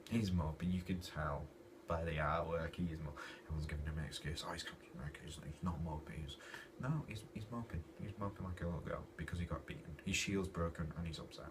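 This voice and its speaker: Deep-voiced man ranting, distant noisy mic. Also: fairly quick. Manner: exasperated, ranting, animated. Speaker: comic reviewer. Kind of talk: casual comic review rant.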